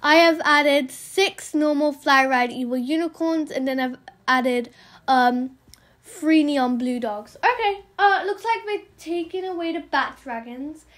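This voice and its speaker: A woman hosting a gaming channel, chattering fast and excitably as she narrates her in-game trades and apologizes for talking so quickly. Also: sits high. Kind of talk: game trading commentary vlog.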